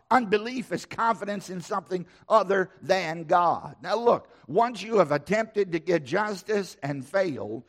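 A middle-aged man preaching a sermon, emphatic and repetitive, with a preacher's cadence. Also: sits high. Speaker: pastor.

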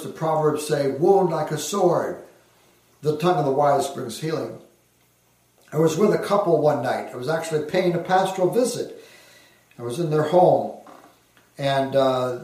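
A man preaching as a pastor, earnest and emphatic, slowing down to give phrases weight. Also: fairly high pitch, a little mellow. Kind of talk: sermon. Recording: very echoey hall, heard from a distance.

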